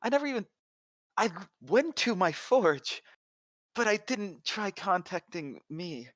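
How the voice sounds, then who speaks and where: A player talks through their character's story at a tabletop game, stopping and restarting as they go. They laugh easily and ramble along. The voice is mid-pitched and sits dry and close to the mic. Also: big pitch swings, measured pace, dry recording. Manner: rambling, self-interrupting, giggly. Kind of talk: casual tabletop game chat.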